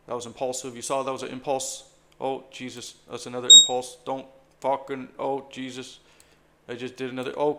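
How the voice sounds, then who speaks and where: A day trader swearing and muttering anxiously to himself while trading live, breaking into sudden shouts. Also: male voice, mid-range voice, creaky.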